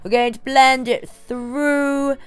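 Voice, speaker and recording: A woman's voice: high-pitched, fairly even intonation, slow, clean tone, pitched above the performer's own voice. A woman putting on a drawling glamour diva. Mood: languid, grand. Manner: drawling, calls everyone darling.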